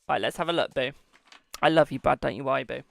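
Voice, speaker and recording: A man's voice: medium pitch, fast, gravelly, a bit bright, no echo. A British man hosting a live-stream tarot reading, chatty and affectionate, calling viewers darling and boo.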